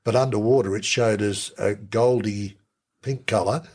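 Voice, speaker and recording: A man's voice: lowish voice, steady tone, normal speed, darkish tone. A man, telling stories about crocodiles he kept, in an interview. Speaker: crocodile keeper guest. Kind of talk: interview storytelling.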